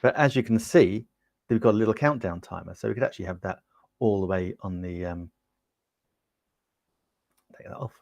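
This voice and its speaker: A man's voice: fairly low pitch, moderate pace, creaky, pauses often, a little mellow, no echo. Chatty Englishman demoing gear, dry sound. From United Kingdom. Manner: chatty and upbeat, with frequent ums, talking to viewers in the chat. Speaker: livestream host demonstrating gear. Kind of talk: casual product demo on a livestream. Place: small home studio with ring light. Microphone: lapel mic.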